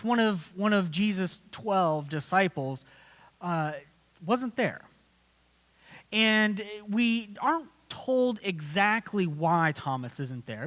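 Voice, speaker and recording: High-voiced pastor preaching in an echoing church. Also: male voice, fairly bright tone. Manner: conversational, with fillers and acted-out quotes. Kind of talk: sermon. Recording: long church reverb.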